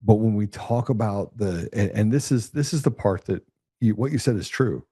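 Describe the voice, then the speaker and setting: Guy hosting a podcast, low warm voice, swears a lot, tells stories casually, dry mic. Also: moderate pace, husky, dry recording. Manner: blunt, profane, animated anecdotes. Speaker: podcast host. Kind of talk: casual conversational storytelling.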